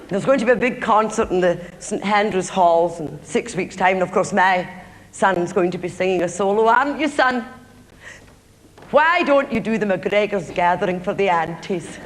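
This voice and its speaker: A woman's voice: medium pitch, normal speed, pitched below the performer's own voice, natural voice. A woman acting a proud, fussing middle-aged mother with a Glaswegian Scottish accent, coaxing her son to perform, recorded live in a theatre. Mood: doting bossy. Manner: coaxing, bossy.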